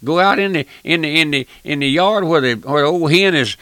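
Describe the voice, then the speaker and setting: A man preaching an impassioned radio sermon, folksy and repetitive, swinging from shouted warnings to hushed asides. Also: on the high side, a little fast, smooth, no room sound.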